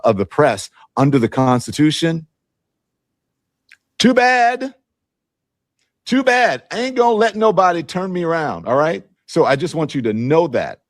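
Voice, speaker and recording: Man, from Louisiana, defiant, emphatic, slow stressed phrases, dry close sound. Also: mid-range voice, a little mellow, no room sound. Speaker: journalist. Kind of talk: defiant speech from a clip.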